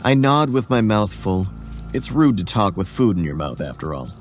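A weary, ageless boy tells his story, as a man narrates it. The low voice stays quiet, measured and tired, like horror storytelling on a podcast. Soft music sits faintly behind it. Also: very animated. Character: weary, homeless boy who looks about eleven.

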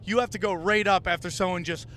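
Male podcast host with a fairly high voice. Emphatic, enthusiastic, casual. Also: fairly even intonation, fast talker, bright, forceful tone, slight background noise. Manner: emphatic, enthusiastic reactions and praise. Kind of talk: casual chat.

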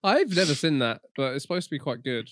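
A man's voice: on the high side, animated, quick pace, a bit bright, no room sound, clean studio sound. A man co-hosting a podcast who teases the others sarcastically and swears a lot in casual chat. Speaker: podcast co-host.

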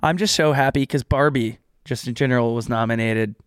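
A man's voice: medium pitch, clean tone, no room sound, clean studio sound. A young man co-hosting a podcast, chatting casually with jokes and rambling asides. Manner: joking, rambling, quick asides. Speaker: podcast co-host. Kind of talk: casual chat.

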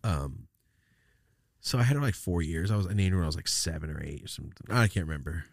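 A man from California in his thirties tells a story in an animated, rambling, profane way, with a fairly low voice. The sound is dry and close, with no room behind it. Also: fast talker, no echo. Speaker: podcast host. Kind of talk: casual storytelling.

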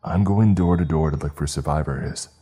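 A man's voice: a bass voice, normal speed, dark tone, breathy edge. A man voicing a stranger at the door who sounds falsely friendly. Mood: sly.

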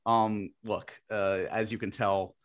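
A fairly low-voiced man hosting a podcast. He talks in a loose, chatty way, stumbling over words and restarting sentences, and jokes about himself. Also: level tone, takes it slowly. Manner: chatty, self-deprecating, many fillers and restarts. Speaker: podcast host. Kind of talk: casual podcast chat.

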